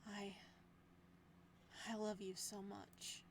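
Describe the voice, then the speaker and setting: A woman voicing a possessive male librarian who holds someone captive, reading the lines of a visual novel slowly and gently. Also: on the high side, lively intonation, a little hiss or hum. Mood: gentle, doting. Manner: slow, gentle, controlled, with menace beneath. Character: possessive soft-spoken male librarian captor.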